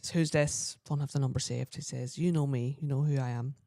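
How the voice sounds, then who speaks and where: A podcast co-host with a rumbling low voice tells a long personal story in casual chat, speaking a little fast. She's chatty, clears her throat often, and acts out the people in her story in lively voices. The sound is studio quality with no echo.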